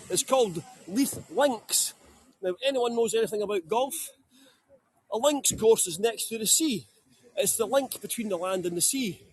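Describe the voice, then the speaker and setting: Scottish male tour guide, very high voice, chatty and joking, outdoors on a phone with faint street ambience. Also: a little hiss or hum. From Scotland. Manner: chatty, jokey, greets viewers by name. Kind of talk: live-streamed walking tour.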